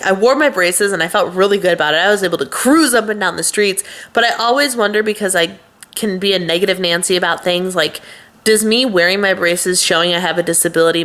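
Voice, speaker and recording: A woman's voice: fairly low pitch, fairly bright tone. A young woman vlogging in a casual, chatty way, upbeat and full of little fillers as she shows off items. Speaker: lifestyle vlogger. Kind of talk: casual chat to camera.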